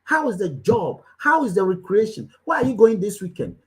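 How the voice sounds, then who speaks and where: Speaking at a medium pitch with lots of animation and a moderate pace, a female coach delivers a motivational business talk on a low-quality recording. She is emphatic and preachy, repeating brief commands again and again while questioning listeners directly.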